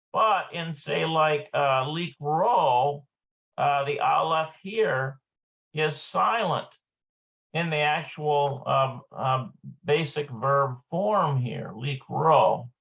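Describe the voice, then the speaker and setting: A man teaching a live online language lesson, slow and halting, with many filler sounds. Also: fairly high pitch, vocal fry, bright, forceful tone, muffled recording. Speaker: Hebrew teacher.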